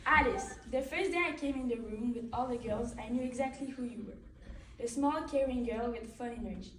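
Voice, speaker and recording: A woman's voice: on the high side, a little fast, very noisy. A teenage girl reading a heartfelt farewell tribute speech in earnest, with slightly non-native phrasing. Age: late teens. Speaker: student athlete giving a tribute. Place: large echoey hall. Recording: echoey hall, distant mic.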